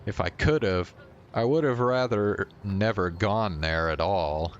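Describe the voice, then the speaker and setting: Slow, deep-voiced male streamer. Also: muffled recording, a little hiss or hum. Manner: reads game text aloud, breaking off for offhand remarks and chuckles. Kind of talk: reading a visual novel aloud with casual commentary.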